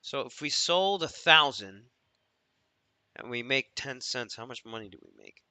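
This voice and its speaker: A man talks through his trades on a live stream, muttering and cursing to himself as he goes. His tone is sharp and cutting. The sound is dry and close, with no room around it. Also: mid-range voice, expressive, a little slow, no room sound. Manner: thinks aloud, profane, mutters to himself. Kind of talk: live trading commentary.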